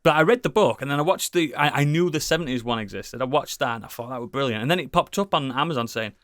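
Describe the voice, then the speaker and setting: A man's voice: mid-range voice, expressive, quick pace, fairly bright tone, no room sound, studio quality. A British man co-hosting a casual podcast, rambling enthusiastically with lots of swearing and restarts. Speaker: podcast co-host. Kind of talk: casual chat.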